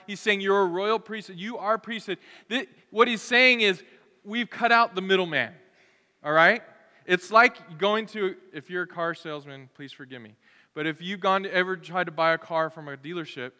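A man preaching a sermon as pastor, lively and conversational, acting out the voices of people in his stories. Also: sits high. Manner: animated, acts out voices of others. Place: church sanctuary. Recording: long hall reverb.

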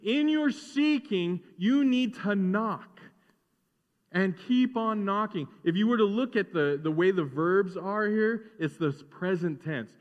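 A male pastor preaching a sermon in a lively, joking way, asking the crowd to repeat words after him. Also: sits high, slow pace. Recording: dull sound in a reverberant hall.

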